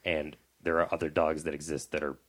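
A man's voice: very deep voice, flat delivery, a little fast, a bit bright. A man chatting casually as a podcast co-host, dry and wry, with trailing restarts. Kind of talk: casual chat.

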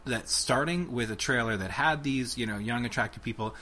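A young man co-hosting a casual tech podcast, talking excitedly and rambling with lots of restarts. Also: medium pitch, a little fast. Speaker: podcast co-host.

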